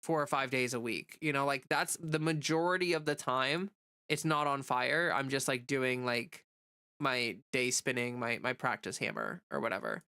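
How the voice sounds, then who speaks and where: A woman's voice: rumbling low, moderate pace, bright, forceful tone, clean tone. A woman with a stuffy, nasal voice from a cold, rambling in casual livestream chat and reading viewer comments. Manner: rambling, chatty, many fillers. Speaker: livestreamer and content creator.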